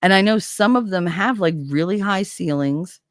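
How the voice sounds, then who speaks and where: A woman's voice: mid-range voice, expressive, moderate pace, no echo. A middle-aged woman, chatting casually with viewers and telling stories with swearing and laughs. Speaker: livestream host.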